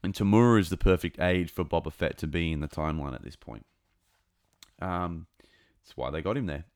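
Deep-voiced man, dry close sound, rambling fan talk. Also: a little fast, darkish tone, no room sound. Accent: close to New Zealand. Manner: rambling and enthusiastic, many fillers and restarts. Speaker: podcast host. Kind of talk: casual fan commentary.

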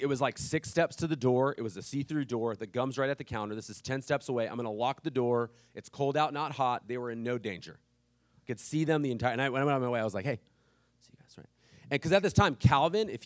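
A man's voice: medium pitch, dry recording, studio quality. A man in his thirties preaching a sermon, telling a family story casually and with humor. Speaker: pastor.

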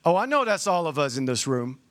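A man preaching a sermon as a pastor, in a conversational and animated way with sudden jumps in pitch. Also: a little fast, dry recording.

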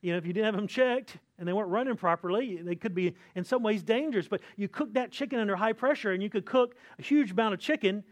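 A pastor with a high-sitting voice preaches conversationally at a quick pace with few pauses, often checking in with listeners by asking "right?". He acts out complaining voices, complete with sighs.

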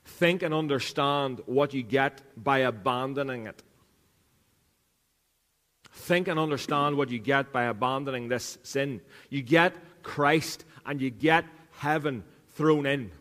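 A man's voice: medium pitch, measured pace, fairly bright tone. Earnest man preaching in an echoing hall. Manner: earnest preaching, repeats lines for emphasis. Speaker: pastor. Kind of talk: sermon. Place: church.

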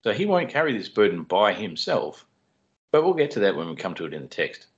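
A man who co-hosts a podcast and explains Bible passages in a measured way with dry humor. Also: fairly low pitch, sing-song. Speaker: podcast co-host explaining scripture. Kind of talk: teaching Bible study podcast. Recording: dull lo-fi sound.

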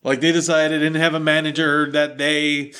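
A man's voice: on the high side, little pitch movement, normal speed, bright, forceful tone, clean tone. A man telling a story in an easygoing casual chat. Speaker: podcast co-host.

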